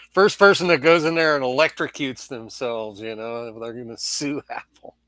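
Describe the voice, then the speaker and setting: A man's voice: medium pitch, unhurried, pushed and bright, no room sound. A man co-hosting a tech podcast, chatting casually with a wry tone and frequent chuckles. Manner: wry, chuckles at his own remarks. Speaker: podcast co-host.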